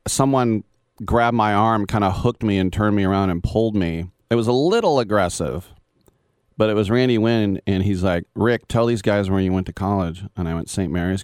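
Deep-voiced man telling rambling sports stories. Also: dry recording, studio quality. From Bay Area. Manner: rambling anecdotes with chuckles and quoted voices. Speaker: sports radio host. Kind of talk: casual storytelling monologue.

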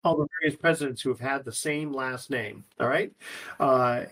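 A man's voice: brisk, fairly bright tone, breathy edge. A man co-hosting a radio show, putting on a hammy announcer voice for the break. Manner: hams up a booming announcer voice. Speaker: radio co-host. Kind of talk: casual radio chat and mock announcer read.

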